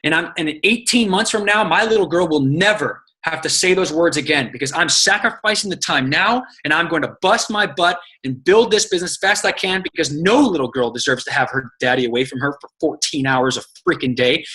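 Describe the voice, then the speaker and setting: A man coaching his team in casual, energetic talk, telling stories, acting out quotes and swearing freely. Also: a little high, fairly quick, hardly any pauses, low-quality recording. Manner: energetic, profane, storytelling with acted quotes. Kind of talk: casual motivational teaching.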